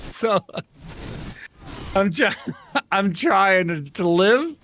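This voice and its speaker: A man streaming a game live, chatting to viewers, quickly swinging between laughter and angry outbursts. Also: high voice, expressive, fairly bright tone.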